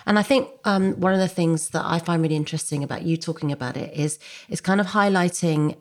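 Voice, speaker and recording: A woman's voice: fairly low pitch, fast. A woman hosting a podcast, asking thoughtful conversational questions. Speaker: podcast host. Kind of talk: conversational interview.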